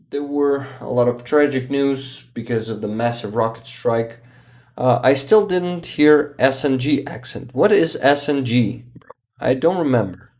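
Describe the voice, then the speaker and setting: A man chats on his livestream, reading viewer comments aloud. His voice is gravelly with a mellow, relaxed tone. He talks slowly and often pauses to search for a word. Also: medium pitch. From Ukraine. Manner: unhurried, searches for words, laughs often. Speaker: livestream host.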